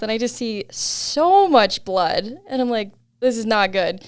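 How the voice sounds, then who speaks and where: Smooth-voiced woman telling a story. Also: fairly high pitch, lively intonation, normal speed, no room sound, studio quality. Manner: laughs often, lots of "like". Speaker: podcast guest. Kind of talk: casual storytelling.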